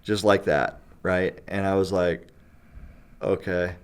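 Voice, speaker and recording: A man's voice: low-pitched, fairly even intonation, a little slow, clear, resonant tone. A man telling a long story in a casual podcast chat. He laughs often and keeps checking in with "right?" and "you know". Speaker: guest storyteller.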